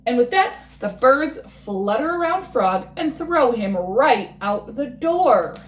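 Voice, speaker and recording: Expressive woman reading a bedtime story. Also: a little high, slow pace, roomy sound, slight background noise. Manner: expressive, rhythmic.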